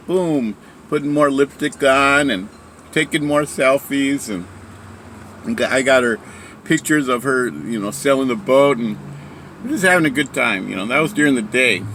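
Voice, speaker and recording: A man's voice: medium pitch, normal speed, a bit bright, slight background noise. A man casually telling a story about a sailing trip, rambling with many fillers and restarts. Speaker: speaker sharing a story.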